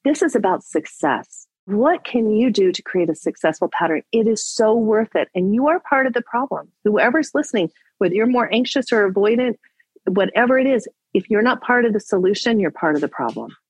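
A woman's voice: mid-range voice, a little fast, breathy edge, no echo, poor audio. A woman relationship coach on a podcast, telling a personal story with acted-out dialogue and giving advice. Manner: animated storyteller, acts out dialogue.

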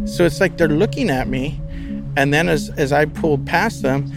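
Profane, vivid storyteller, a man with higher voice. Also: moderate pace, creaky, music in the background. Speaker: interview guest. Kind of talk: casual storytelling.

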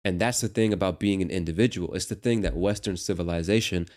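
Deep-voiced American man explaining patiently. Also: darkish tone. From United States. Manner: slow, patient explanations with casual asides. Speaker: host. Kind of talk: explaining a clip for learners.

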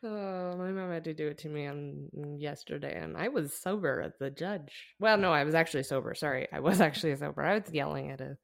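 A woman's voice: low-pitched, fairly quick, creaky, hardly any pauses. A woman hosting a podcast, telling a story in casual chat and laughing often. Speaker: podcast host.

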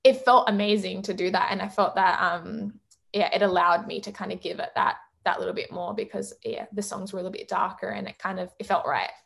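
A young woman in a relaxed interview, chatty and easygoing. Her talk is full of "like," restarts and small laughs, at a medium pitch for a woman. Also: gravelly. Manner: chatty, fills speech with "like" and quick laughs. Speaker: singer in a band, interview guest. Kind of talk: casual interview chat.

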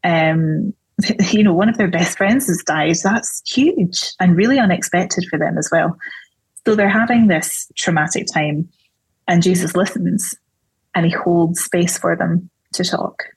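A woman speaks with a slightly low, husky voice, unpacking her ideas in a thoughtful, explanatory way. The sound is close and dry, with no room around it. She keeps an easy, conversational podcast tone. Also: a little slow, no room sound, low-quality recording. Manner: thoughtful, explanatory, with light laughs. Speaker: theologian guest.

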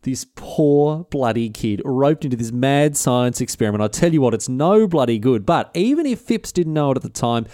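Male podcast host, jokey and slangy, with a mellow tone and a dry sound. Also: mid-range voice, dry recording. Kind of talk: casual history storytelling.

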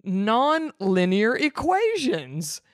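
A man's voice: sits high, huge pitch swings, extremely slow, no room sound, clean studio sound, pitched above the performer's own voice, heavily acted. A woman reading out the lines of a young man stranded after a boat wreck, in a whiny, exclaiming way.

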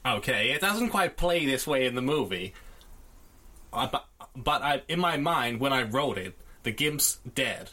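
A man putting on an impression of a famous film director, talking in a rapid, emphatic way. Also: big pitch swings, sharp tone, heavily acted. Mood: explaining. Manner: rapid, emphatic, higher-pitched delivery. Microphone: audio interface.

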